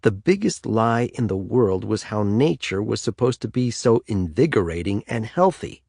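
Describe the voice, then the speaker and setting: A man narrating an audiobook in the third person with an expressive delivery. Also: on the low side, normal speed, gravelly, no echo, studio quality.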